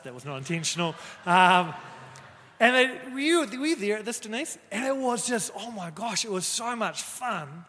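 A man, a pastor, telling a personal story in an animated way and acting out the voices of the people in it. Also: sits high, normal speed, big-room sound. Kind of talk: storytelling talk.

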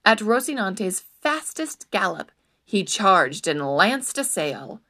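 A woman narrating a storybook in an expressive, animated storytelling manner. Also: medium pitch, slow.

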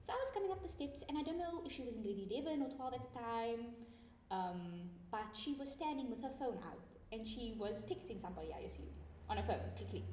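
A woman's voice: on the high side, fast talker, a little hiss or hum. A teenage woman, co-hosting a student podcast and telling a story with laughter and lots of expression. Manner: laughs through her story, lively and expressive. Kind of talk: animated storytelling. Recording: echoey room.

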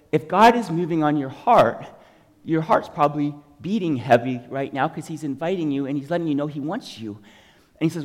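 A man giving an emotional, animated testimony as a sermon, telling his story to a congregation. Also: on the high side, big-room sound.

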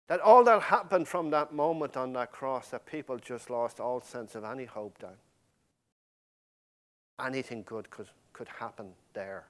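A man preaching a sermon with passion, swinging from loud emphasis to hushed, near-whispered lines and addressing the congregation directly. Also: medium pitch, normal speed.

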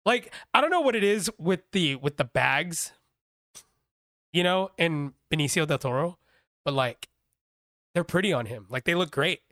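A man's voice: a little high, animated, normal speed, pauses often, a bit bright, no echo, clean studio sound. A man hosting a podcast, rambling and joking casually with plenty of swearing and a Texan accent. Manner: rambling, profane, jokey. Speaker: podcast host. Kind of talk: casual chat.

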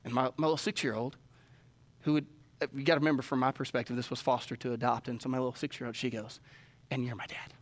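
A man's voice: medium pitch, flat delivery, quick pace. A man, preaching a sermon that moves from personal storytelling to emphatic Scripture reading. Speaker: pastor.

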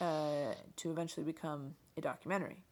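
A woman's voice: low-pitched, fairly even intonation, quick pace, darkish tone. A woman hosting an interview, asking friendly, curious questions and slipping in playful jokes. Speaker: interviewer, host. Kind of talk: casual interview.

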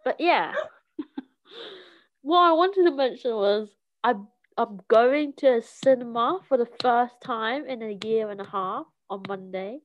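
A woman's voice: on the high side, unhurried. A young woman from South London, co-hosting a podcast. She keeps interrupting herself and giggling. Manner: scatterbrained, self-interrupting, giggly. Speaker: podcast co-host. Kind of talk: casual chat. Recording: dull lo-fi recording.

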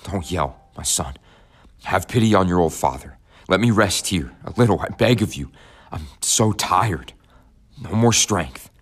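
A weak, frightened old father pleads to be left alone to rest, his voice low and tender, as a deep-voiced narrator gives him voice. The tone is faint and drained, like a man at the end of his strength. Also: lively intonation, a little slow, breathy edge, heavily acted. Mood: weary pleading.

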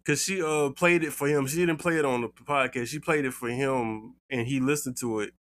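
A man's voice: mid-range voice, steady tone, normal speed, fairly bright tone. A man co-hosting a podcast in casual chat, rambling with restarts and comic asides. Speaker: podcast co-host.

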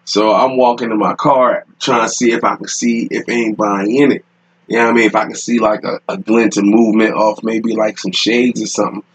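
A man with a low, husky voice hosts his own podcast, spinning a long rambling story full of swearing and laughter. He talks loose and casual, as if to friends, from a room at home. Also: little pitch movement, brisk, low-quality recording. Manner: rambling, profane, laughing often. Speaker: podcast host.

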